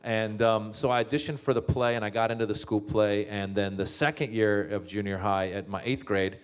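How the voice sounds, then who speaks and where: His lowish voice is smooth and moves at a normal speed. The guest speaker, a comedian and author born in Iran and raised in Northern California, animatedly spins funny family stories, laughing frequently and mimicking how his family members talk.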